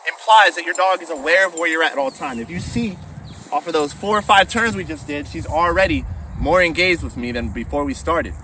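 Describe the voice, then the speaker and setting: A man with a high-pitched voice explains dog training step by step, relaxed, as he walks a dog outdoors. He is picked up from some distance, with clear outdoor noise of traffic and animals behind him. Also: a little fast. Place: outdoors while walking a dog.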